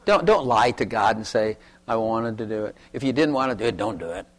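A man's voice: on the low side, lively intonation, a little fast. A man pastor preaching a sermon and calling for testimonies, talking in an emphatic way that repeats its points.

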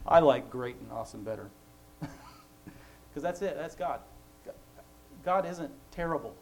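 A man's voice: on the high side, lively intonation, measured pace, gravelly, pauses often, a little mellow, a little hiss or hum, rough recording. A man sharing faith thoughts in a casual, chatty way, laughing often between points. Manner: chatty storytelling, laughs often, acts out quoted voices.

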